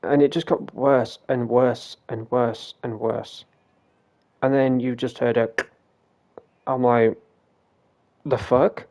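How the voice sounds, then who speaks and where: A man's voice: medium pitch, little pitch movement, slow, long pauses, mellow. A man casually telling a ghost story during a game stream, rambling, swearing freely and acting out what people said. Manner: rambling, swears freely, retells quoted dialogue.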